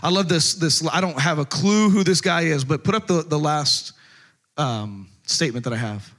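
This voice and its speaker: Bright-voiced joking preacher man. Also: on the high side, normal speed. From Texas. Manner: joking, conversational preaching with rhetorical questions. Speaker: pastor. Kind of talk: sermon.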